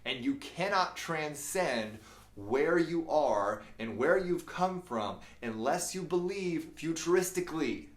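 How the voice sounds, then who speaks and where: A man talking as a life coach in a motivational livestream, animated, often laughing at himself and swearing casually. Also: fairly high pitch, slow pace, echoey room.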